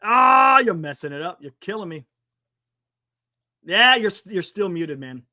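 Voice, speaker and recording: A man hosting a casual live sports talk stream, excitable and quick to laugh. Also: high-pitched, no room sound, clean studio sound. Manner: excitable, laughing, talks to guests on a video call. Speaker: sports talk show host.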